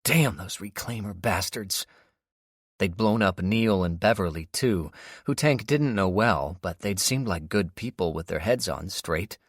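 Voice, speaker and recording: A man reading an audiobook in a steady, even storytelling manner. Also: deep voice, measured pace, no room sound, studio quality. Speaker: audiobook narrator. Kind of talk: scripted audiobook narration.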